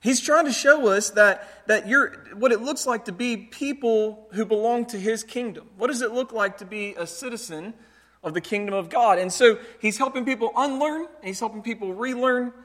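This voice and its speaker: Pastor, thirties, man with a high voice, chatty storytelling sermon, long hall reverb. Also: moderate pace, a bit bright. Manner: conversational storytelling, light self-amused laughter.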